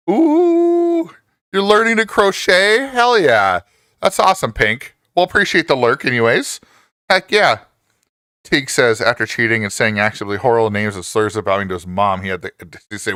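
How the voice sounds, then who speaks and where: A man in his forties chats casually with viewers on a live stream, reading their messages, laughing often, and jumping up in pitch when excited. His tone is clear and resonant, with clean studio sound and no room noise.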